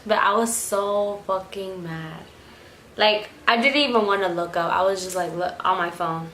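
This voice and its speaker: A young woman vlogger telling a story at home in a casual, animated way, full of swearing and quick bursts of speech. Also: mid-range voice, slight background noise. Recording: echoey room.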